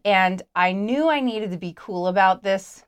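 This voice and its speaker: A woman in her forties tells shared stories alongside her husband. She jumps in playfully and teases him. Her voice has an ordinary middle pitch. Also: measured pace, smooth. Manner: playful, teasing interjections. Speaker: co-host, speaker's wife. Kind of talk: casual conversational storytelling.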